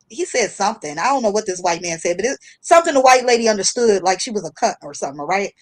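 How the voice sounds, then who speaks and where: A woman hosting a casual chat show, telling a story in a lively, slangy way with frequent laughter. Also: mid-range voice, fast talker, hardly any pauses. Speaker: host.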